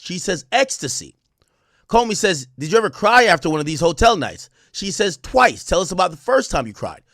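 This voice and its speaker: A man, animated and profane, reacting to news on a livestream and reading out testimony. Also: normal speed, no echo, studio quality. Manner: animated, swings from loud outbursts to low mutters; profane, reads court testimony aloud. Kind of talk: casual livestream commentary.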